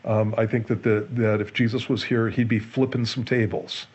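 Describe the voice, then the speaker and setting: A man, a pastor, explaining a Bible passage in a relaxed Q&A show, earnest and often restarting and repeating his words. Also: fairly low pitch, moderate pace, breathy edge, dull audio. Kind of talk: conversational Bible teaching in a Q&A show.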